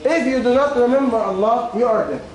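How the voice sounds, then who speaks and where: Male teacher, high pitch, repeats questions in broken English, voice going; distant mic in a noisy, echoing room. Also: brisk. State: losing his voice. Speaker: religious teacher. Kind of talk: question-and-answer class talk. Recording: very echoey room, far from the mic, ambient noise.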